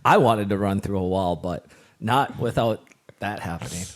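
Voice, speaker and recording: A middle-aged man co-hosting a casual sports podcast with his son, upbeat and quick to laugh, often restarting his sentences. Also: lowish voice. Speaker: co-host, father.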